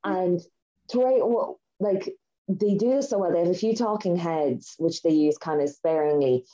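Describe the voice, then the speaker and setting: This woman's warm voice is on the low side and moves at a normal speed. She's co-hosting a podcast, spinning an enthusiastic, meandering story full of fillers in casual chat, and the sound quality is dull lo-fi.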